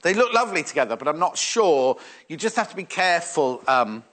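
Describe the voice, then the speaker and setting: With a slightly high, very animated voice and a fairly bright tone, a man briskly demonstrates fabrics on a live shopping channel. He talks casually, reflects out loud, and reads out messages from his viewers.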